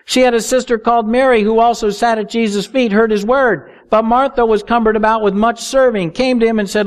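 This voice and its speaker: A middle-aged man preaching a sermon as pastor, earnest, slowing down to stress key words. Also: very high-pitched, steady tone.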